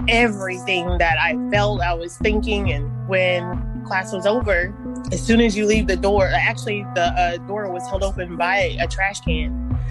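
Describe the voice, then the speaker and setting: A woman telling personal stories in an interview, halting and restarting, with soft nervous laughs. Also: lowish voice. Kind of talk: personal storytelling.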